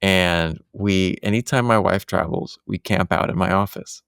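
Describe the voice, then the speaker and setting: A man's voice: low-pitched, moderate pace, vocal fry, fairly bright tone, clear, resonant tone, no echo, studio quality. A man who hosts podcasts, talking in a casual conversation from his home office and sharing earnest, reflective stories.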